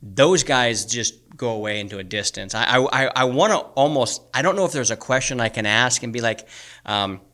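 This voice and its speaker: A man's voice: medium pitch, moderate pace, bright, forceful tone. A man co-hosting a podcast, ranting heatedly and swearing often, rambling with many restarts. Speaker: podcast co-host, coach. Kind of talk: heated casual podcast chat. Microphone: studio microphone.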